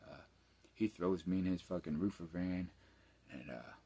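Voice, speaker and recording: Very low-voiced man rambling late at night. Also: normal speed, gravelly, dark tone, husky. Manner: rambling, profane, mumbling with trailing-off asides. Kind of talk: late-night personal rant. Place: home, indoors at night.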